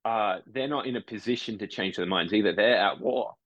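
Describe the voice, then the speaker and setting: A man's voice: on the low side, a little fast, fairly bright tone, lo-fi sound. A man from Brisbane, a podcast guest chatting casually, often correcting himself mid-sentence and acting out online commenters. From Brisbane, Australia. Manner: rambling, self-correcting, acts out online commenters.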